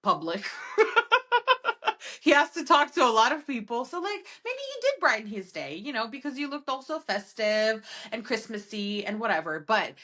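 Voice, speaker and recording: A woman co-hosting a casual podcast, emphatic and expressive, often acting out what people say. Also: a little high. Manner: expressive and emphatic, quick to act out lines. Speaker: podcast co-host. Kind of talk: casual chat.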